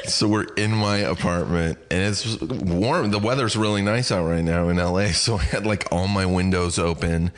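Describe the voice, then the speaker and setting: A man's voice: sits low, moderate pace. A man hosting a podcast, rambling and self-deprecating in casual chat. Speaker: podcast host.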